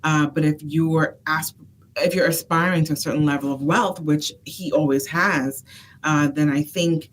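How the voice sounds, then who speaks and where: A woman's voice: sits low, fairly even intonation, normal speed, slight background noise. A woman who works as a consultant, co-hosting a casual chat and giving earnest advice. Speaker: consultant and co-host. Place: phone booth studio.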